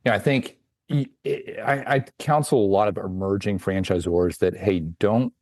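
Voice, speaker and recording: Low-voiced man advising on franchises. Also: moderate pace, a little mellow, dry recording. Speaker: franchise consultant guest. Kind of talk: podcast interview.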